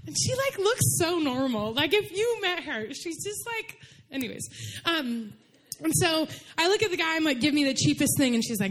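A young woman with a high voice gives a casual sermon in church. She tells stories in a chatty way, filling her talk with "like" and laughing easily. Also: very animated, normal speed. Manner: chatty, full of "like", laughs while telling stories. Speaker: preacher.

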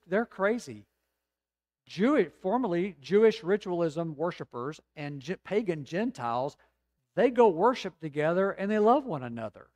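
A man with a fairly high voice preaches a sermon to his congregation, building to emphatic peaks and then easing into slow, hushed reflection. The sound is dry and close, with little room echo. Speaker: pastor.

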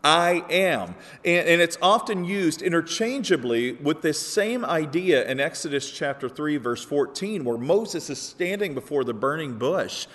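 A man preaching a sermon with a slightly high voice. He explains patiently, then lifts to emphatic peaks on key quotations. His voice rings out with a long hall reverb. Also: animated, measured pace, few pauses, a bit bright. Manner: earnest, builds to emphatic peaks when quoting. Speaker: pastor.

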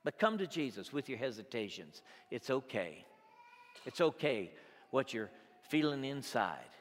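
A man preaching a sermon, moving between loud exclamations and quiet, conversational asides. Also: medium pitch, big pitch swings, unhurried. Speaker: pastor. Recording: long reverb of a large hall.

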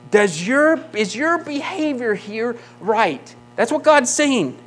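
A man's voice: very high-pitched, sing-song, slow pace, fairly bright tone. A male pastor preaching a sermon, emphatic, often asking the congregation rhetorical questions.

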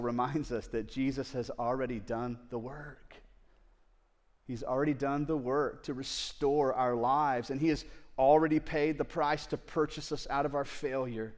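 A man preaching a sermon to a congregation, speaking to the mothers directly, dropping to tender near-whispers and rising to loud pleading. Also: mid-range voice, steady tone, normal speed. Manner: swings from hushed tender asides to loud pleading; addresses the audience directly. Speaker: pastor. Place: church service before a congregation.

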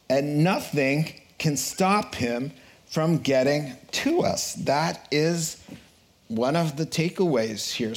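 Slow, playful male preacher. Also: fairly high pitch. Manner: animated, playful, acts out scenes in voices. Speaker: preacher teaching a Bible study. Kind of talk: sermon.

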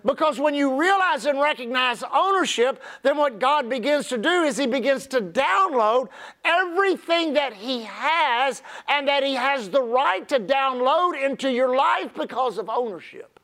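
A man's voice: extremely high pitch, a little slow. A man preaching a sermon, telling folksy, humorous stories. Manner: folksy, humorous, animated storyteller. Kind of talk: sermon with storytelling.

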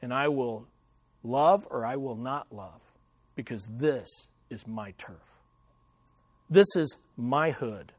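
Pastor putting on a growling mafia boss with a mock Italian accent, lower, slow. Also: male voice, husky, no room sound. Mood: possessive. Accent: put-on Italian. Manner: low, snarling, possessive. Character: snarling mafia boss claiming his turf.

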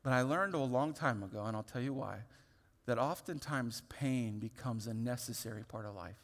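Pastor preaching in a big echoing hall. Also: male voice, medium pitch, normal speed. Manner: animated, open storytelling with many restarts. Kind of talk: sermon storytelling. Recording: long hall reverb.

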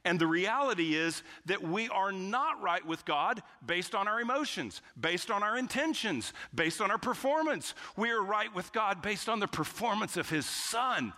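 A man's voice: high voice, animated, moderate pace, hardly any pauses, pushed and bright. A man preaching a sermon as pastor, emphatic and driving home key phrases by repeating them. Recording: long hall reverb.

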